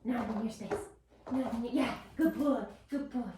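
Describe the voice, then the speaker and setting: A woman dog trainer explaining a puppy session, switching between calm explanation and high, bright praise for the dog. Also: fairly quick, a little hiss or hum. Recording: echoey, from a distance.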